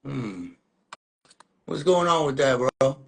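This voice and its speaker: A man hosting a podcast, chatting in an excited, slangy way over a video call. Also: mid-range voice, slow pace, vocal fry, breathy edge. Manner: excited, slangy, calls guest bro. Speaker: podcast host. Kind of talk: casual chat.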